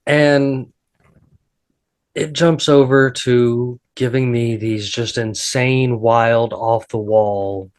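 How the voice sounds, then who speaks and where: A man's voice: medium pitch, steady tone, very slow. Rambling male podcast host. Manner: rambling storyteller, many restarts. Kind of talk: casual chat.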